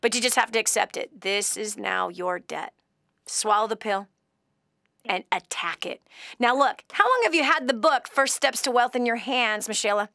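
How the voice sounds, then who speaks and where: A woman hosting a call-in advice show, talking bluntly and emphatically, scolding and coaching her caller, swinging from loud bursts to hushed tones. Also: on the high side, lively intonation, normal speed, dry recording, studio quality. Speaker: radio show host giving financial advice to a caller.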